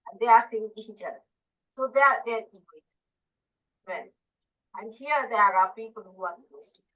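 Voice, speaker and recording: A woman with a fairly high voice gives an informal spiritual talk, pressing her points with rhetorical questions and repeated phrases. She sits well back from the microphone on a muffled archival recording. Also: moderate pace. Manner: emphatic, full of rhetorical questions and repetitions. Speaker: spiritual teacher. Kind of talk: informal talk to a small group. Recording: dull archival recording from far off.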